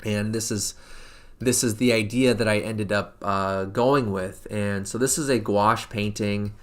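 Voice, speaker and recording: A man's voice: lowish voice, steady tone, a little slow. A painter talking through his own studio work on a casual live stream, rambling and thinking aloud with many fillers and restarts.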